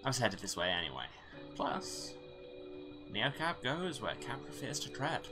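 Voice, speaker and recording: A man's voice: mid-range voice, sing-song, measured pace, over music, voice pushed up. A man voicing a young woman rideshare driver, earnest and chatty, asking eager questions in a raised voice. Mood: upbeat.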